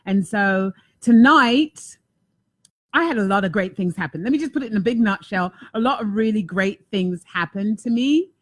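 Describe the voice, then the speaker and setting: A woman's voice: medium pitch, lively intonation, normal speed, no room sound. A woman hosting a casual talk show, effusive and emphatic, often repeating words for emphasis. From United States. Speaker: talk show host and life coach.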